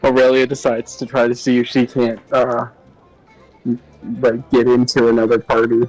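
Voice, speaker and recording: A man playing a tabletop game, chatting in a giggly, animated way. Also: mid-range voice, normal speed, dry recording, soft background music, rough recording. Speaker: player. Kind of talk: casual tabletop game play.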